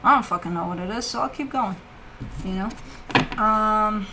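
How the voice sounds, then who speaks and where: Hosting a casual weekly tarot reading, a woman with a medium-pitched voice speaks at normal speed over a noisy background. She swears freely and chats loosely while laying out cards, talking to her pet in between.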